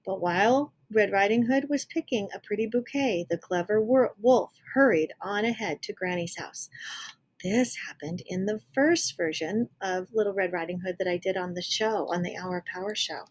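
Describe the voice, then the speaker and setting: A woman reading a picture book aloud to children, pausing to explain words in a lively way. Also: medium pitch. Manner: animated, explains words for kids. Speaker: children's storyteller.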